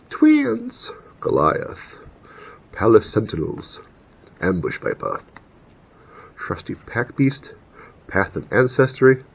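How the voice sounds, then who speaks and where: A man's voice: gravelly, husky. A man casually reading out card names and rules text, with chatty asides between them. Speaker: channel host opening card packs. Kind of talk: casual unboxing commentary. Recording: dull lo-fi recording with faint rumble.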